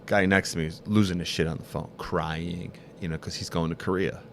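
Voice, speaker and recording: Very deep-voiced swearing podcast host. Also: male voice, brisk, vocal fry, a little hiss or hum. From Michigan. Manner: swears freely, animated storytelling. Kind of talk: casual chat.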